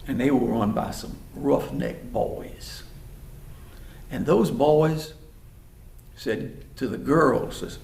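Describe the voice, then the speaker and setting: A man telling a story in a folksy, animated way. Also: mid-range voice, slow, creaky, pauses often. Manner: animated, folksy, acts out voices. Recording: roomy hall, mic far off.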